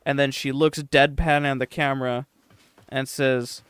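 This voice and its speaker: A man's voice: medium pitch, flat delivery, unhurried, fairly bright tone, smooth. A young man streaming a game, chatting casually with his chat in a sarcastic, profane, rambling way.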